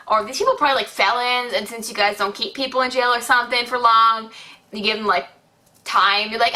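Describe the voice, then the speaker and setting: A woman's voice: on the high side, fairly quick. A young woman telling a rambling story on her vlog, acting out what people said, with lots of fillers. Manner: rambling, animated retelling with many fillers and acted-out quotes. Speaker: beauty vlogger.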